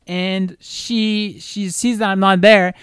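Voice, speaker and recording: A young man on a podcast telling a long, animated story in casual chat, swearing freely and restarting his sentences often. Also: high-pitched, slow pace, smooth, no echo, studio quality. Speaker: podcast co-host.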